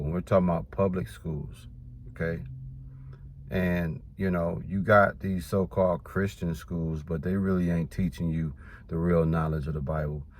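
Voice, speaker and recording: A man's voice: sits low, slight background noise. A man teaching about the Bible in a casual preaching style, reading verses and then explaining them, often adding "man" and "you know".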